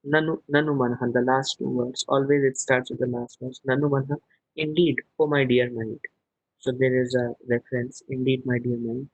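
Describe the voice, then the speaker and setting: A man's voice: medium pitch, steady tone, normal speed, no echo, poor audio. A man teaching a scripture class over a video call, explaining verses word by word and chanting Sanskrit lines. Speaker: spiritual teacher.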